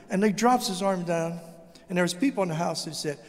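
An older man with a high voice gives a testimony sermon as a guest speaker, speaking quickly and telling his story with lively animation. He acts out the voices of the people he quotes, and a long reverb makes him sound as if he's in a large church sanctuary.

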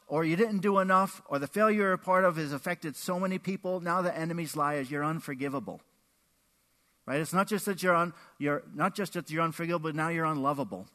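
A man pastor preaching a sermon, animated, acting out quotes with big swings in his voice. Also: on the high side. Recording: echoey hall with long reverb.

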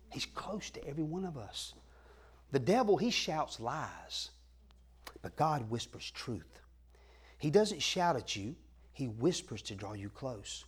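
Husky pastor preaching. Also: male voice, medium pitch, sing-song, measured pace. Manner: swings from loud preaching to soft whispering. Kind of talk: sermon.

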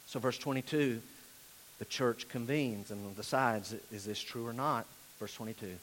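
A man preaching a verse-by-verse sermon to a congregation, acting out the dialogue and swinging between loud bursts and quiet asides. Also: mid-range voice, measured pace, rough recording. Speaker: pastor. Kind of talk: expository sermon.

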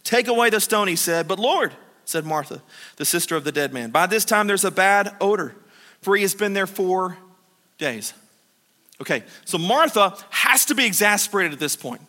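High, bright-voiced preacher in a reverberant hall. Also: male voice. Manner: animated, acts out the disciples and Martha in quick paraphrased voices. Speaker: pastor. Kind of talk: sermon.

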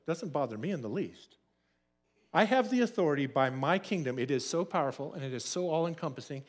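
Middle-aged male pastor, conversational sermon, pitch a little high, very animated delivery. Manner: conversational storytelling, acts out quoted voices.

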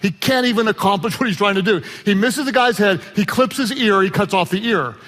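High-voiced male pastor preaching in a reverberant hall. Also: fairly quick. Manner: animated preaching with shouted emphasis and joking asides. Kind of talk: sermon. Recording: long reverb of a large hall.

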